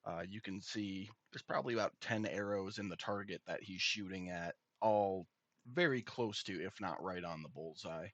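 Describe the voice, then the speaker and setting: A man narrating a tabletop game as game master, relaxed and descriptive with filler pauses. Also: low voice, no room sound, muffled recording.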